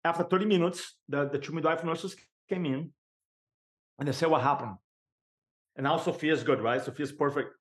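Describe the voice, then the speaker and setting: Animated man telling a story. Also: fairly high pitch. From Brazil. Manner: animated, emphatic storyteller with vivid pauses. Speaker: podcast guest. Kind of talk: personal storytelling.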